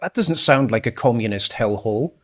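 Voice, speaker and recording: A man's voice: medium pitch, expressive, brisk, a bit bright. A man giving sarcastic, mocking political commentary over clips. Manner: sarcastic, mocking, with scornful laughs.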